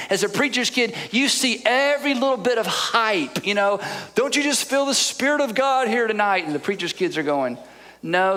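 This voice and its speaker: Brief: middle-aged man preaching, bright and fairly high, earnest storyteller, choked with emotion. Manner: earnest, storytelling, repeats "I'm telling you". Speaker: pastor. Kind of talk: sermon.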